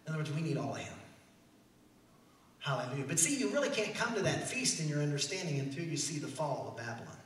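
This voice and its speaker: A man with a Midwestern American accent, a pastor preaching an animated sermon that swings between loud declarations and soft asides. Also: fairly high pitch, quick pace, distant mic, slight background noise. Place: large church hall. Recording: echoey church hall, heard from afar.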